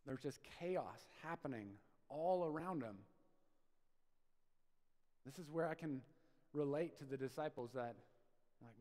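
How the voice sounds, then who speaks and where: Animated pastor in a reverberant church. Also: male voice, fairly high pitch, a little slow, pauses often. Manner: conversational, animated storytelling with sudden loud bursts and soft asides. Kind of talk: sermon. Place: church sanctuary.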